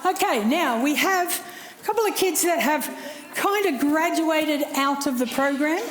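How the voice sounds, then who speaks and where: A woman with a very high voice gives casual announcements to a church congregation. She chats and coaxes shy children by name. Her voice rings around a large church hall with a long, echoey tail. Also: expressive, measured pace, slight background noise. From Australia. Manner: chatty, coaxing children by name. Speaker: children's program leader.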